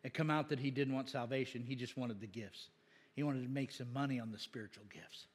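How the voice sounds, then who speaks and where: A man preaching a sermon as a pastor, casual and jokey, laughing often and climbing to loud, emphatic peaks. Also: mid-range voice, steady tone, fairly quick, breathy edge, in a large hall. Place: church sanctuary.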